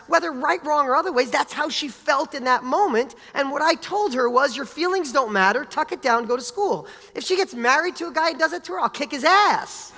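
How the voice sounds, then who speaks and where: A man giving a motivational talk, telling a personal story in an energetic, animated way with casual swearing. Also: very high-pitched. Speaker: motivational speaker. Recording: long hall reverb.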